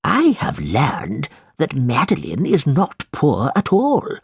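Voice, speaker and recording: A man voicing a scheming old moneylender in a storybook reading, with a slow, drawn-out, high-pitched whine. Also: wildly swooping pitch, gravelly, breathy edge, heavily acted. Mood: aggrieved.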